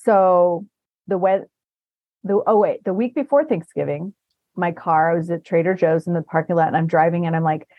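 A woman's voice: lowish voice, normal speed, no room sound. Chatty woman host, dull dry sound. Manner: rambling anecdotal storytelling, laughs often. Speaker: podcast host. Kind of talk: casual chat.

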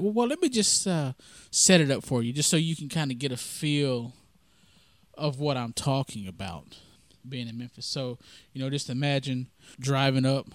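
A man's voice: mid-range voice, background noise. A man from the American South with a Southern accent, hosting a podcast in a rambling, folksy storytelling style full of fillers. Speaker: podcast host. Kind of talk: casual storytelling monologue.

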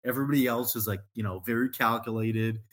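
A man's voice: medium pitch, fairly even intonation, fast talker, fairly bright tone. A man, a podcast guest, telling a rambling story in casual chat, full of "like" and frequent laughter.

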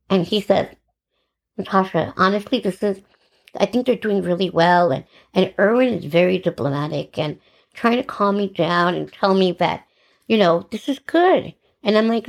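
A middle-aged woman hosting a podcast, telling her own story in an animated, sarcastic way and acting out the dialogue. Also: medium pitch, normal speed, creaky. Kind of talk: personal storytelling monologue.

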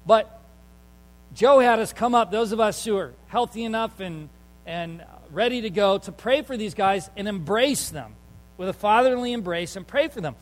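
A man preaching a sermon with a notably high voice. He tells his story conversationally, with fillers and restarts, then leans in with emphasis. His voice rings out with a long tail of reverb, as if spoken in a large sanctuary. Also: normal speed. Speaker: pastor.

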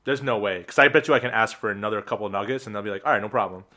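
Young male co-host, loose rambling banter, bright tone. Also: lowish voice, rapid-fire. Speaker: podcast co-host. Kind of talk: casual chat.

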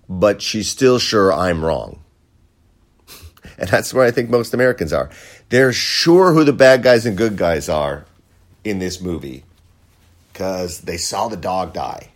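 A man giving a sardonic comic monologue, swinging between loud emphasis and muttered wry asides. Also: on the low side, expressive, moderate pace.

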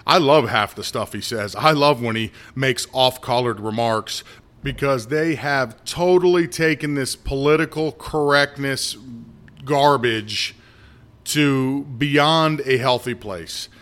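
A man's voice: medium pitch, slow pace, a bit bright. A middle-aged man from the United States hosting a casual solo podcast, blunt and ranting, with many asides and restarts. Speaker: podcast host.

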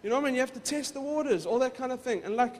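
A man's voice: very high voice, lively intonation, very fast, a little hiss or hum. A male pastor preaching in a casual, conversational way, often repeating words as he goes. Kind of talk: casual sermon. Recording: reverberant hall.

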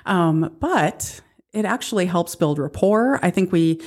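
A woman co-hosting a podcast in casual chat, an animated storyteller who laughs often. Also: lowish voice, a little slow. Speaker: podcast co-host.

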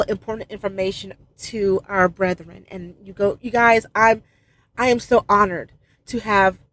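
A woman giving a fervent spiritual address to followers, emphatic and repetitive, with brief laughs at herself. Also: mid-range voice. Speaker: religious video speaker.

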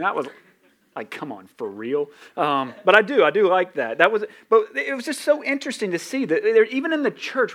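This is a man with a Southern accent giving a sermon from the pulpit. His voice sits a little high for a man. He keeps it conversational and pokes fun at himself as he teaches. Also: fairly bright tone. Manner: conversational, self-deprecating, with quick acted asides. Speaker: pastor.

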